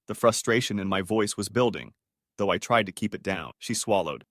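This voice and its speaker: A man's voice: lowish voice, animated, moderate pace, a bit bright, no room sound, clean studio sound. A man narrating a dramatic first-person story in a scripted, emotional read.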